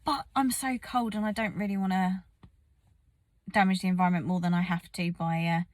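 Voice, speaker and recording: A woman's voice: lowish voice, steady tone, a little fast. Chatty woman vlogging from her car. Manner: chatty, self-mocking, talks straight to camera. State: cold and yawning. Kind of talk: casual vlog chat. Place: parked car.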